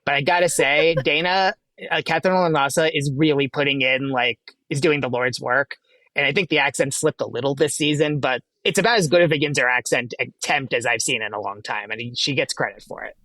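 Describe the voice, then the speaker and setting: A man's voice: medium pitch, brisk, bright, forceful tone, dry recording. Hesitant man guest, filler-heavy talk. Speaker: guest, film critic. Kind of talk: casual chat.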